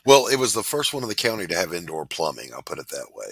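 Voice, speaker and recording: A man hosting a casual chat, telling folksy, animated stories and reading out comments. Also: low voice, fast talker, vocal fry, crowd noise, poor audio.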